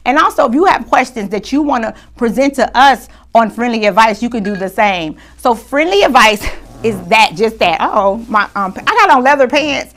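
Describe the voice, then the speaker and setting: A woman's voice: fairly high pitch, normal speed. Chatty woman hosting a faith talk show. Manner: lively and chatty, shifting to soft and quiet when grieving. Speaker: show host.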